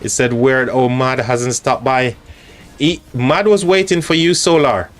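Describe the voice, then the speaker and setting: A man's voice: mid-range voice, steady tone, faint music behind. Chatty English-accented man streaming. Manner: chatty, halting, with frequent restarts. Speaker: live stream host. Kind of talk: casual live-stream commentary.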